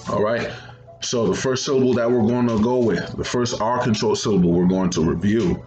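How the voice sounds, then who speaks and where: A man's voice: lowish voice, normal speed, a little mellow, echoey room, lo-fi sound, soft background music. A man teaching a second grade phonics lesson, patiently repeating each step.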